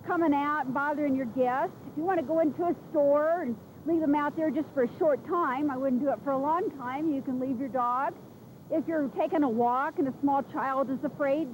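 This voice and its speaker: A woman's voice: sits high, darkish tone. A woman animal trainer coaching pet owners through commands, repeating her instructions with encouragement. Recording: noisy outdoor VHS recording.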